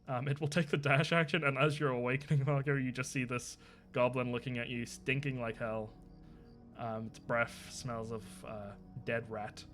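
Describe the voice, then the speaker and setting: Bright-voiced man running a game. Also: medium pitch, steady tone, normal speed, faint music behind. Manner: laughs often while narrating. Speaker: game master. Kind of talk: narrating a tabletop game.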